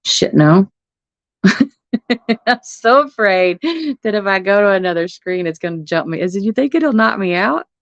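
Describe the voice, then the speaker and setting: A woman's voice: medium pitch, lively intonation, normal speed, pauses often, no room sound. A middle-aged woman, hosting a casual livestream from her phone at home, laughing often and swearing casually. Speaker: livestream host. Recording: muffled phone stream audio.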